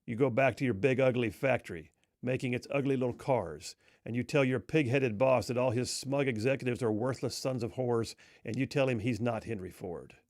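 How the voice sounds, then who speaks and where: An arrogant, condescending car maker, as a radio host puts him on sneers with contempt in a somewhat lower, quieter voice. The sound is dry and close. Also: male voice, normal speed, no room sound, lightly acted. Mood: sneering.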